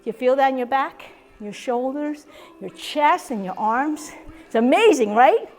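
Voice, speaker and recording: A woman leads a chair exercise class in a senior center hall, sounding upbeat and encouraging as she cheers with whoops. She's a little out of breath. Her voice is high and expressive, and she doesn't rush.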